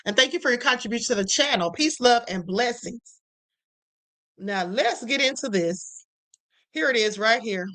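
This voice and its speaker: A woman's voice: a little high, bright, forceful tone. A woman hosting a live stream, chatting opinionated commentary straight to her viewers.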